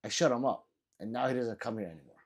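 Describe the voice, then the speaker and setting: A man's voice: medium pitch, fast. A sleepy man live-streaming, ranting with lots of swearing and mocking, then reading chat messages aloud.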